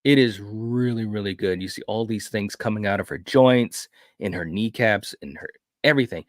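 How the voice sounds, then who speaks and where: Lower-voiced man retelling a film excitedly. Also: moderate pace, dry recording, studio quality. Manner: enthusiastic, rambling retelling. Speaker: podcast co-host. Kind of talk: casual film review chat.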